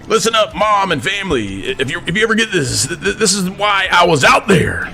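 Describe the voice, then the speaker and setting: A man's voice: sits high, very animated, a little fast, creaky, hardly any pauses, over music. A man, ranting to camera from his office in the persona of a command sergeant major, preachy and stammering when worked up. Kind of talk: impassioned rant to camera.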